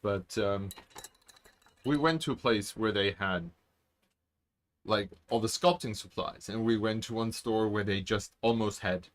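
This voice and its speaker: A man co-hosting a casual video-call chat, relaxed and thoughtful with many fillers. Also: on the low side, measured pace, pauses often. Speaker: podcast co-host.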